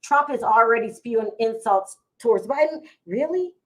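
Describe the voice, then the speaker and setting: A woman's voice: fairly high pitch, animated, moderate pace. Chatty woman streaming live. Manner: chatty, emotional, talks to viewers while searching for news. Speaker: vlog host going live. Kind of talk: casual live-stream commentary. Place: at home.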